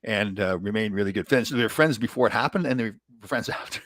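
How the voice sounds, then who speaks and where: Fast-talking older man telling stories. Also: fairly low pitch, dry recording, clean studio sound. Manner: animated anecdotes, laughs often, mimics others in quotes. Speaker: guest, former hockey player. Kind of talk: casual storytelling conversation.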